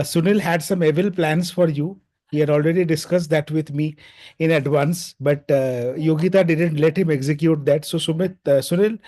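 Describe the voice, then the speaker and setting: Indian guy on a video call, chatty and jokey, lots of uhs, voice a bit high. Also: darkish tone. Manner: joking, conversational, many fillers. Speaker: general evaluator. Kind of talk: meeting chairing and feedback. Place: online video meeting.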